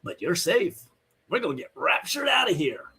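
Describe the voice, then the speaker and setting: Husky man, fiery preaching. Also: high voice, big pitch swings, moderate pace, sharp tone. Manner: emphatic, blunt and scolding. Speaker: Bible teacher. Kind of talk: online teaching sermon.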